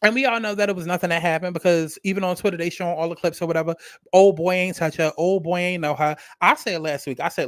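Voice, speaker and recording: A man in a loose, animated vlog rant about reality TV, swearing freely and circling back over his points. His voice sits a little high for a man and sounds close and dry, with no room around it. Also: fast, no echo. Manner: animated, profane, repetitive, rambling. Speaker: reality TV reviewer. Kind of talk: casual commentary rant.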